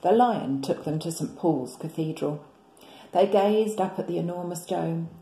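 A woman, a primary school teacher, reading a picture book aloud in a gentle, expressive storytelling manner. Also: on the low side, a little slow, roomy sound, a little hiss or hum, low-quality recording.

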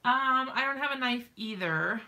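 Home crafting streamer, woman: bright, slightly high voice, unhurried chatty delivery, lots of fillers and little laughs. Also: lively intonation. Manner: chatty, giggly, lots of ums and likes. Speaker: crafting live-stream host. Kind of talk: casual live-stream chat.

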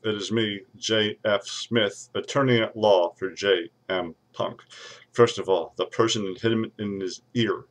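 Recorded on a webcam with a little hiss or hum, this comedic character rant features a man as a pompous, angry lawyer who threatens lawsuits against everyone and bursts into sudden shouts. His lowish voice stays steady and measured, lightly acted.

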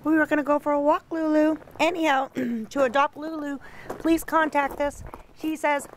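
A woman's voice: sits high, fairly even intonation, normal speed, slight background noise. A woman in her sixties, an animal rescuer chatting casually outdoors while filming, cooing affectionately at the dogs.

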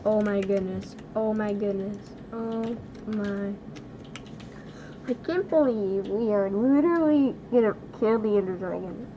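A young woman hosting a casual gaming video, excitable, giggly and nervous as she plays with a friend. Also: mid-range voice, unhurried, dull audio, noisy background. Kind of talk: casual gameplay chat.

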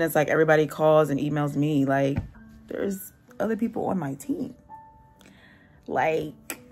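Low-voiced woman chatting through a tired home vlog. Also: a little mellow, husky. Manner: chatty, loose, lots of "like" and laughs. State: tired, drained. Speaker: vlogger, single mom working from home. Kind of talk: casual vlog chat to camera. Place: home kitchen. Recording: noisy home ambience.

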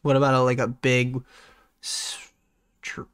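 A young man hosting a livestream, playful and quick to laugh, giving shout-outs to his chat. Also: medium pitch, monotone, clear, resonant tone. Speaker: streamer host. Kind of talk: casual stream chat.

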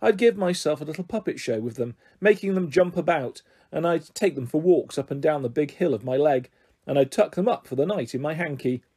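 A man reading a children's book aloud with lively, expressive narration, as the story's host. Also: on the high side, a little fast, breathy edge. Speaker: story reader.

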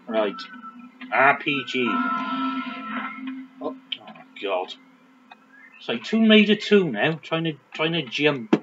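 A man's voice: on the high side, very animated, slow pace, pauses often, dull audio, music in the background. A man casually commentating a video game, chatty and joking as he rambles. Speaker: let's play host.

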